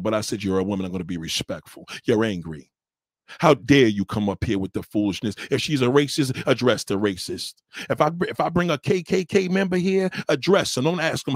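A man's voice: a little high, no echo, clean studio sound. A man hosting a livestream, scolding a viewer in a heated, repetitive rant. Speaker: livestream host. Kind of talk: ranting commentary.

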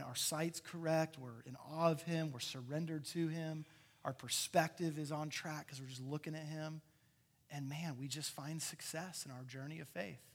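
A man preaching a sermon in a casual, conversational way, swinging between loud excitement and soft, intimate passages. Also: fairly high pitch. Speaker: pastor.

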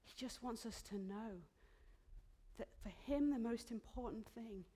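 A woman preaching a sermon in a church, heartfelt and emotional, dropping into soft whispered asides. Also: on the high side, measured pace, breathy edge.

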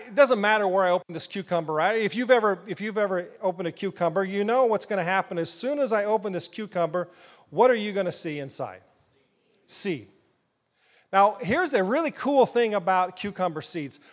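A man from southeast Iowa preaching a sermon, animated and playful, asking the congregation questions. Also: high voice. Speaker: pastor. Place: church hall. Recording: long hall reverb.

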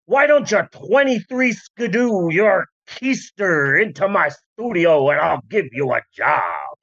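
A podcast host hamming up a brassy old-timey studio boss from the thirties, all slang and swagger, drawling each line slowly. The voice sits dry and close. The audio comes through a little dull and lo-fi. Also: mid-range voice, sing-song, a bit bright, no room sound, heavily acted. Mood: brash. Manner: brassy slang-heavy patter, slowed and drawled. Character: old-timey 1930s studio boss, brash wisecracking man.

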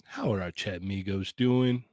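A man's voice: fairly low pitch, normal speed, a little mellow, no room sound. A man co-hosting a live stream, trading teasing banter and laughing often. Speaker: co-host. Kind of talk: live-stream casual chat.

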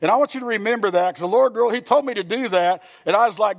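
Preacher guy, really high voice, earnest, keeps asking the church questions. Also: racing, gravelly. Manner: earnest preaching with repetitions and rhetorical questions to the congregation. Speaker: pastor. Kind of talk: sermon. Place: church sanctuary.

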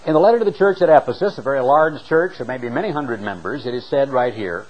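A man preaching a sermon, reading scripture and explaining it with an emphatic, dramatic delivery that slows down for the readings. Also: lively intonation, poor audio. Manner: emphatic, dramatic delivery with sharp swings in pitch and loudness; slows down to read scripture aloud.

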